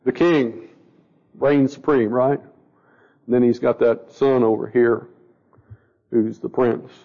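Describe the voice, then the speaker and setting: Gravelly man teaching a Bible study. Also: medium pitch, steady tone, slow pace, big-room sound. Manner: asks the group questions, stumbles and restarts. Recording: dull lo-fi recording.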